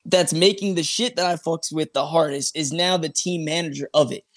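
A man with a fairly high voice tells a story as a podcast guest. He talks loose and animated, swearing freely and playing out each person's lines. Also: moderate pace, dry recording, studio quality. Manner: animated, swears freely, acts out quoted talk. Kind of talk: casual storytelling.

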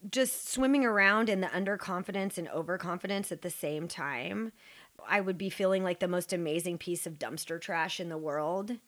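A woman's voice: on the low side, normal speed, fairly bright tone. A woman talking reflectively and earnestly about her own inner life. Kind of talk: reflective personal talk.

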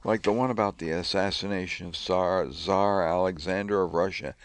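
A man reading news articles aloud in a measured, scripted way. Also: deep voice, clear, resonant tone, dry recording.

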